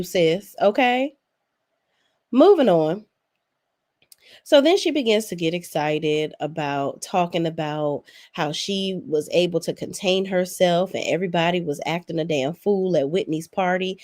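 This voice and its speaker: A woman's voice: fairly low pitch, animated, a little slow, darkish tone. A woman giving a casual, blunt recap of a reality show, talking sassily and with plenty of profanity, as if speaking straight to the cast. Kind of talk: casual opinionated recap commentary.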